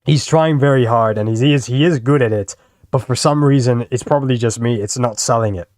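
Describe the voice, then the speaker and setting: A man's voice: mid-range voice, fairly quick, a little mellow, dry recording, studio quality. A young man casually rambling and swearing while commenting on videos as a streamer. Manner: rambling, swears freely, self-deprecating.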